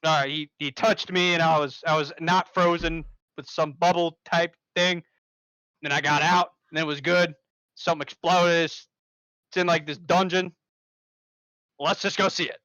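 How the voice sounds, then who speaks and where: A man's voice: on the high side, steady tone, sharp tone, clean tone, dry recording, lo-fi sound. A man voicing his rambling, flustered male adventurer in a tabletop game. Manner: halting, rambling explanations.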